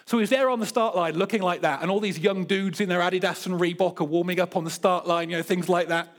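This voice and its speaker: A man's voice: sits high, steady tone, fast. A middle-aged man preaching a sermon, earnest and building emphasis, with playful storytelling. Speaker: pastor.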